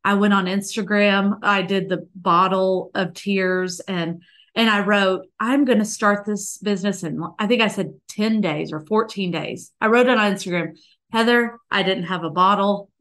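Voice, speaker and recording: Woman, earnest podcast guest, heartfelt storytelling, tender delivery, lots of "like" fillers, mid-pitched voice. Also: fairly bright tone.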